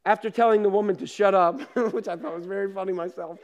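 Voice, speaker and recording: A man preaching with a high-pitched voice, who turns his sermon into lively family stories and acts out every scene. He keeps checking in with the congregation through casual asides and laughs at his own jokes. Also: fast, lo-fi sound. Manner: animated storyteller, acts out scenes and laughs at himself. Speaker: pastor.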